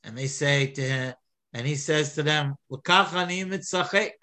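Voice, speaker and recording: A man giving an animated Torah lecture, full of restarts and repeated words. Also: on the high side, moderate pace. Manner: animated, many restarts, mixes Hebrew and English. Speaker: rabbi teaching Torah.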